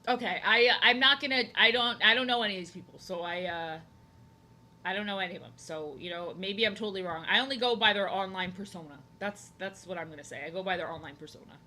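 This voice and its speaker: A young woman with a bright, sharp voice chats casually while drawing on a live stream. She rambles, doubles back on her words and fills her talk with "like" and "you know". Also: medium pitch, a little fast, a little hiss or hum. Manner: rambling, repeats phrases, many fillers. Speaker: art streamer.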